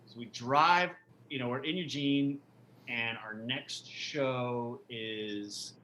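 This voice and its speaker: Give me a bright-voiced man who tells a road story casually. He swears often and backs up to restart his sentences. A faint noise sits under the voice. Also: mid-range voice, slow pace. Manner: rambling, profane, with many restarts. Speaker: musician and podcast guest.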